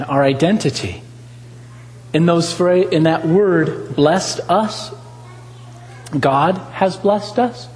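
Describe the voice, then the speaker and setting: A man's voice: high voice, big-room sound, rough recording. A man preaching a sermon, talking with animation, asking the congregation questions and repeating lines for emphasis.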